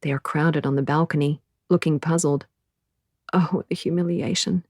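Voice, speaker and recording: A woman's voice: deep voice, steady tone, moderate pace, a little mellow, no echo, studio quality. A woman narrating a novel in the first person, with an intense, breathless inner-monologue delivery. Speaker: audiobook narrator.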